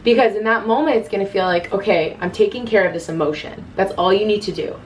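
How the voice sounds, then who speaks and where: A woman's voice: medium pitch, fast, recorded from a distance, a little hiss or hum, poor audio. A woman in her twenties giving casual self-love advice to camera, earnest and chatty, often quoting her own inner voice.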